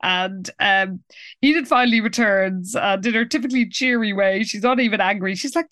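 A woman's voice: mid-range voice, normal speed, fairly bright tone, dry recording, studio quality. A woman co-hosting a podcast, casually summing up a TV episode's plot in a matter-of-fact way. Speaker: podcast co-host. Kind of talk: casual chat recapping a TV episode.

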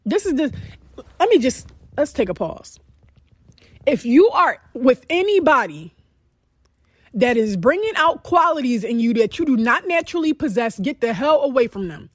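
A woman's voice: sits high, very animated, moderate pace, no room sound. A young adult woman podcast host tells a personal story in a blunt, profane, emphatic way. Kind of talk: candid storytelling monologue.

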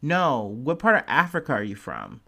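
A man's voice: medium pitch, wildly swooping pitch, moderate pace, gravelly, sharp tone, full character voice. Man voicing pushy old aristocratic lady, condescending, dismissive. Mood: prying. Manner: insistent, dismissive questioning. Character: elderly upper-class woman, prying and condescending.

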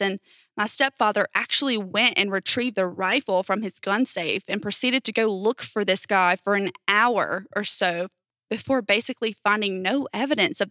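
Bright-voiced woman reading stories. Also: mid-range voice, no room sound. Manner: casual storytelling with emphatic swearing. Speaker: narrator reading posts.

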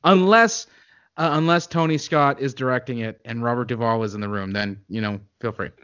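A man's voice: mid-range voice, fairly quick, fairly bright tone, smooth. A man co-hosting a podcast, cracking sarcastic jokes while riffing on a movie. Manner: jokey, sarcastic asides. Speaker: podcast co-host. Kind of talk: casual movie riff. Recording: dull lo-fi sound.

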